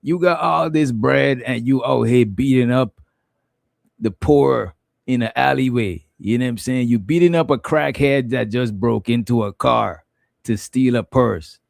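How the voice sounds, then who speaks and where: A man's voice: medium pitch, measured pace, creaky, darkish tone, dry recording, clean studio sound. A man joking along in casual slang, commenting while he laughs at what others say.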